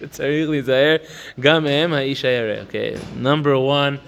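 A man teaching a religious text. He reads Hebrew passages quickly, explains them in English in a chatty way, and often asks "right?". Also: fairly high pitch, creaky, fairly bright tone, long reverb tail, slight background noise. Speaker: Torah teacher. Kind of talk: text study lesson.

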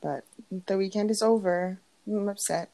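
A woman's voice: mid-range voice, normal speed, gravelly, mellow, dry recording. A young woman co-hosting a podcast in casual chat, rambling and laughing, with a sleepy morning voice. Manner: chatty, rambling, laughs often. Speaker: podcast co-host.

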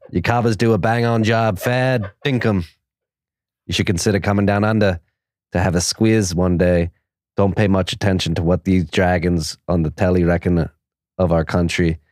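A man's voice: deep voice, a little mellow, no echo, clean studio sound, natural voice. A man reading a fan letter as a hearty Australian, with a put-on Australian accent that slips toward Scottish and a Southern drawl, laughing through the slang. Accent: put-on Australian, slipping toward Scottish and Southern drawl.

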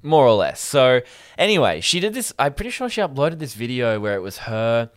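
In a dry, clean studio recording, a young male podcast co-host talks fairly quickly in casual conversation. He spins his stories with plenty of swearing and sudden high-pitched mocking impressions, keeping the energy animated.

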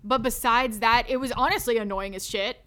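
A woman co-hosting a casual movie discussion, ranting in an animated, exasperated way with lots of "like". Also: on the high side, a little fast. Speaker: podcast co-host. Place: recorded live.

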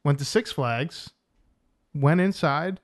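A man co-hosting a casual podcast chat, teasing his co-host with quick jokes. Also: a little high, no echo, clean studio sound.

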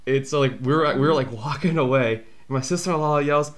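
A man in his twenties, hosting a podcast, telling animated self-mocking stories in casual chat. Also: a little high, a little fast. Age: 20s. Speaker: podcast host.

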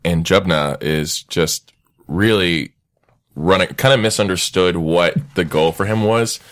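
Low-voiced laid-back male player. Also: a little slow, a bit bright. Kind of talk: playing a tabletop game.

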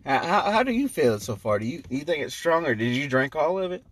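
A man co-hosting a casual podcast, laid-back and quick to laugh. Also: on the high side, sing-song, breathy edge. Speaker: podcast co-host.

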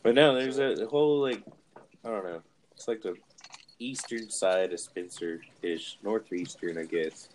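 A man's voice: fairly low pitch, unhurried, slight background noise. A man with a northern US accent co-hosting a casual podcast chat, rambling and swearing casually. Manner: easygoing, rambling, profane. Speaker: podcast co-host.

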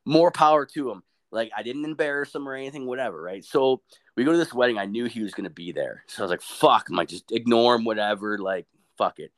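A man's voice: medium pitch, quick pace. A young man telling a crude story in casual chat, swearing constantly and acting out what people said. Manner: profane, animated, quotes people in funny voices.

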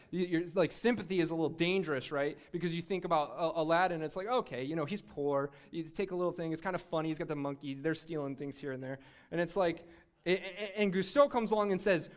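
A young man preaching a sermon in a lively, conversational way, often restarting his sentences. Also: sits high.

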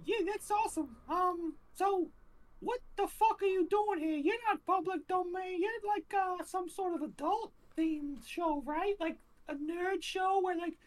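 A performer doing a comedic impression of a squeaky male cartoon mouse who swears and jokes crudely. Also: unhurried, rough recording. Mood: mocking.

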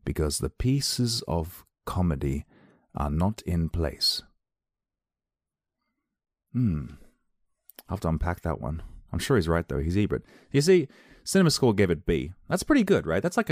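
A man's voice: sits low, darkish tone, no room sound, clean studio sound. A man reviewing films on his own podcast, talking casually, enthusiastically and in a rambling way.

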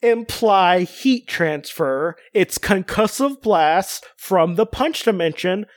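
A man's voice: sits high, animated, slow pace, dry recording. A man co-hosting a casual podcast chat, reading out a character profile with joking asides. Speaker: podcast co-host.

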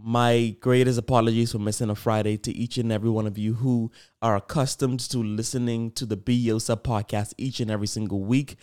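A man's voice: mid-range voice, flat delivery, a little fast, hardly any pauses, a little mellow, clean tone. A young man hosting his own podcast, talking to listeners in an upbeat, chatty and rambling way. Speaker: podcast host. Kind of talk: casual solo podcast chat.

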